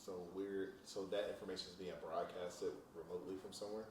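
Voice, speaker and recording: Low-voiced man asking hesitant questions. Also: flat delivery, fast, darkish tone, a little hiss or hum. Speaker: podcast co-host. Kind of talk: casual spiritual conversation.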